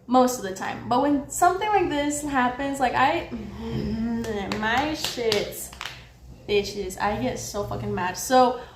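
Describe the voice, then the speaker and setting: Young female vlogger, high voice, profane and animated, roomy echo with faint background noise. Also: normal speed, few pauses. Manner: animated, heavy swearing, swings loud when heated. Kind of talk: storytime vlog.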